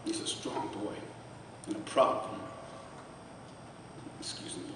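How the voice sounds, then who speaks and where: At a charity celebration in a large event hall, a middle-aged guest speaker gives a slow, heartfelt, conversational personal testimony, sometimes choking up. The recording is echoey, with a distant mic and background noise.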